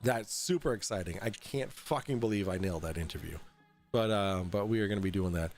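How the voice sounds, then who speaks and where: A young adult man hosting a casual livestream from home, tipsy, rambling and halting with lots of fillers and swearing. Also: fairly low pitch, faint music behind. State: tipsy from drinking. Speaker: host. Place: at home in an apartment.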